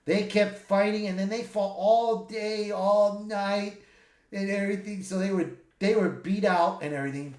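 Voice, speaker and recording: A man giving a casual spoiler review of a film, retelling the plot in an excitable, rambling way with many restarts and swearing. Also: high voice, normal speed. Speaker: movie reviewer. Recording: echoey room.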